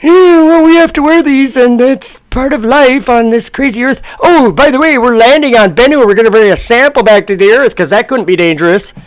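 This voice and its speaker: A man mimicking a chirpy female presenter in a high, sarcastic falsetto. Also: a little fast, hardly any pauses, dry recording, poor audio. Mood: mocking. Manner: sing-song, sarcastic.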